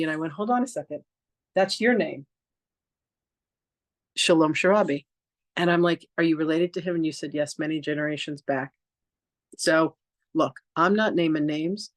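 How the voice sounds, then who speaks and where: The voice of this woman, a podcast host and reverend, sits low, and the recording has no room sound. She tells a personal story casually, acting out the dialogue with plenty of "like" and restarts.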